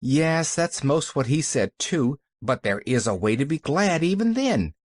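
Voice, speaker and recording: A man's voice: on the high side, big pitch swings, measured pace, dry recording, studio quality. A man doing an eager cheerful little girl. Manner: earnest, bubbly, keen to please.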